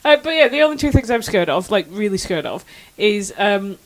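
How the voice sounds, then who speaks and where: A woman's voice: mid-range voice, very animated, fairly quick, poor audio. A woman in casual podcast chat, often restarting her sentences and laughing easily. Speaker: podcast co-host.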